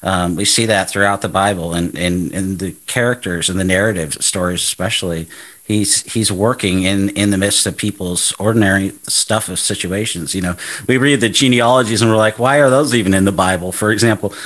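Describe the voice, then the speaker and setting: Deep-voiced man talking faith, halting. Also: a bit bright. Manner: earnest, halting with many restarts. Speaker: podcast host. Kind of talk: casual faith conversation.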